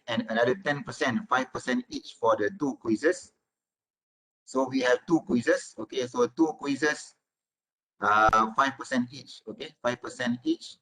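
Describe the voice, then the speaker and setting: A male university lecturer talks his class through the material in an online session. He strings his points together with a steady stream of "okay" and "uh" fillers. His voice sits at an ordinary middle pitch. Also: low-quality recording. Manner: fills every phrase with "okay" and "uh".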